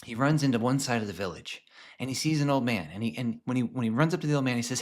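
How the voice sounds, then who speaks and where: A man presenting a lesson on film characters, telling a story in a conversational way with frequent restarts and some soft, hushed stretches. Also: mid-range voice, quick pace. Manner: conversational, many restarts, drops to a hush at times.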